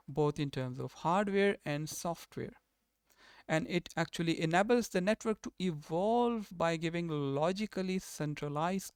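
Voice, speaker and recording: Man lecturing with a crisp, dry voice. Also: a little high, no room sound. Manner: explanatory, restates terms and rephrases often. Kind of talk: recorded university lecture.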